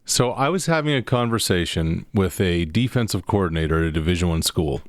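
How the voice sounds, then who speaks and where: Low-voiced man telling sports stories. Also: fairly quick, no echo, clean studio sound. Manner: storytelling, animated when making a point. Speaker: sports broadcaster co-host. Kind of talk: casual sports radio talk. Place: radio studio.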